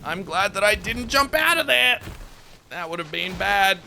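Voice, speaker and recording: Man, horror game commentary, very high voice, bright tone, jumpy and exclamatory. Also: animated, a little slow, gravelly, a little hiss or hum. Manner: jumpy, exclamatory, talks to himself while playing. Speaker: gamer.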